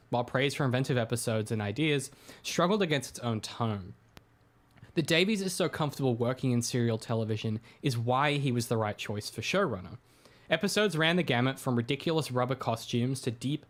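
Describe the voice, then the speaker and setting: A medium-pitched man, a co-host, reads his own book aloud in a casual read-through. He reads steadily but drops into chatty asides sprinkled with filler "uh"s.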